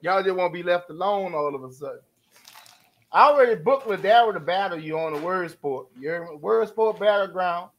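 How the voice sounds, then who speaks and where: A man doing loud comic commentary, mocking and taunting. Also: high-pitched, expressive, brisk, low-quality recording. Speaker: comedy commentator. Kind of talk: loud comic trash talk.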